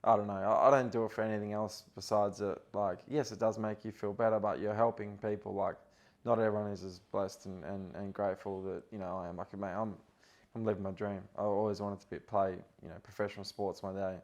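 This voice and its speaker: Australian man, low-pitched, rambling, lots of fillers, casual interview guest. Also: level tone, fairly quick, a little mellow. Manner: rambling storyteller, heavy on filler words and restarts. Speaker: guest, professional footballer.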